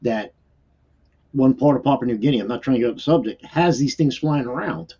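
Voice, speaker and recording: A man's voice: mid-range voice, fairly quick, mellow, slightly rough, muffled recording. A man co-hosting a paranormal podcast, telling stories in a rambling, emphatic way. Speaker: podcast co-host. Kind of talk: casual group chat.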